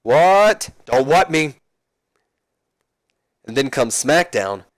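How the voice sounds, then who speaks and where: A man putting on a rough Texan wrestler's voice for a trash-talking promo. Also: medium pitch, brisk, no echo, clean studio sound, lightly acted. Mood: taunting.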